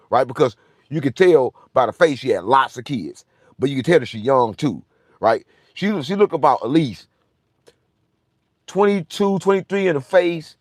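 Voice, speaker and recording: Lively, boastful male storyteller. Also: mid-range voice, no room sound, studio quality. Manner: profane, repetitive, boastful. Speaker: show host. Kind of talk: casual storytelling rant.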